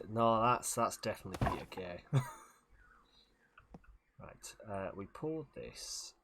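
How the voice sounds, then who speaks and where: A man's voice: lowish voice, expressive, takes it slowly, long pauses, fairly bright tone, a little hiss or hum. A man chatting casually while streaming a game, self-deprecating and jumping between topics. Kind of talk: casual gaming stream chat.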